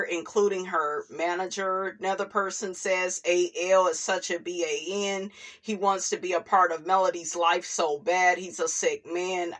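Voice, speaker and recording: A woman hosting a casual gossip commentary vlog. She reads viewer comments aloud and adds sassy, expressive asides, calling her audience "honey" and "child" and laughing often. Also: on the low side. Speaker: commentary channel host.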